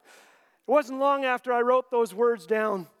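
A middle-aged man telling gentle, wry family stories with dry punchlines. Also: extremely high pitch, a little slow, smooth, big-room sound. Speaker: Christian humorist and author. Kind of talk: storytelling talk.

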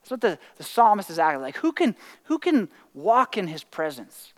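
High-pitched guy preaching, chatty, lots of "like" and "right?", big echo in a church hall. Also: brisk. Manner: conversational, lots of "like" and "right?", bursts into excited whoops. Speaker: pastor. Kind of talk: sermon.

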